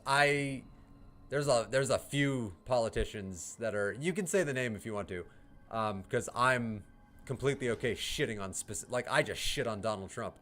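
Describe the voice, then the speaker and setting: A man's voice: medium pitch, a bit bright. A man from the United States chatting on a livestream, answering chat, ranting heatedly and swearing with laughs in between. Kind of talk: casual livestream chat, reading chat.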